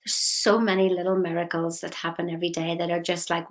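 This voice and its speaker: A woman's voice: lowish voice, steady tone, normal speed, a bit bright. A woman giving a motivational talk as a coach, firing repeated questions at the listener.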